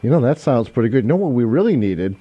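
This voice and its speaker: A man's voice: medium pitch, big pitch swings, fast talker, no room sound, muffled recording. A man hosting a call-in radio show, talking casually with many fillers and restarts. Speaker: radio host. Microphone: studio microphone.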